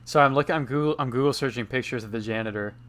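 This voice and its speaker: Smooth-voiced man streaming and translating. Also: mid-range voice, very fast, a bit bright. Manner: reads lines aloud in two languages, chatty and amused. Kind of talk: casual live-stream commentary with read-aloud translation.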